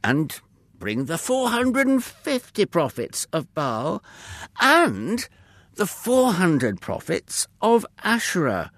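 A man's voice: high-pitched, wildly swooping pitch, takes it slowly, a bit bright, no echo, pitched above the performer's own voice, full character voice. A man voicing a firm, fervent male prophet with emphatic, commanding calls in a storybook reading.

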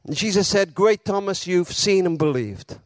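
A man preaching a sermon, telling a story with dramatic pauses and retelling quotes with feeling. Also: high voice, animated, no echo.

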